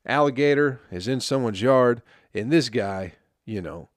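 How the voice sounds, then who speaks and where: A man's voice: medium pitch, animated, a little slow, dry recording. A man hosting a podcast, ranting with constant swearing and laughing at his own jokes, his throat dry. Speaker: podcast host. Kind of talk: profane comedic rant.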